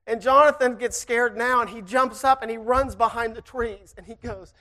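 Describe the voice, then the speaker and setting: A preacher telling a personal story to the church in a folksy, animated way and then preaching fervently. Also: medium pitch, moderate pace.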